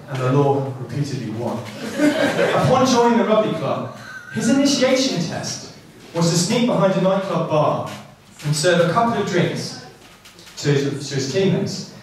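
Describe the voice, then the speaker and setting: A best man delivers a wedding speech, his voice slightly high as he lands dry, deadpan jokes. He is heard from a distance in a reverberant hall while guests laugh around him. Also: slight background noise. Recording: echoey hall from far off, crowd laughing.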